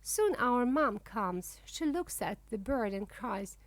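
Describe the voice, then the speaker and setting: Slow, lively woman reading a storybook. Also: fairly high pitch, no room sound. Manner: slow, clear storytelling for English learners. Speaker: narrator. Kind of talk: children's book read-aloud.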